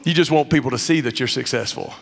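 A man preaching as a pastor, animated and playful, acting out characters in mocking voices. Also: mid-range voice, quick pace, vocal fry, in a large hall. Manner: animated, acts out mask characters with funny voices. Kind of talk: sermon. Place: church stage. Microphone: muffled through a mask.

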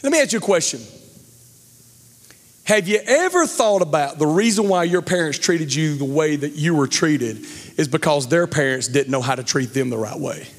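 A middle-aged male pastor preaching a sermon, telling a story with lively acted-out quotes and then speaking to the congregation. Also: on the high side, normal speed. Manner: animated storyteller, acts out quotes loudly. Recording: long hall reverb.

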